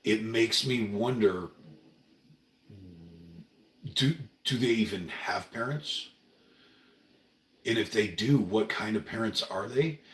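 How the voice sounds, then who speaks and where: A man's voice: lowish voice, slow, long pauses, fairly bright tone, far from the mic. A middle-aged man from Oregon hosting a home livestream, speaking in an earnest, rambling, emotional way. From Oregon, USA. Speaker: livestream host. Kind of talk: casual livestream monologue. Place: room at home. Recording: roomy, a bit off-mic.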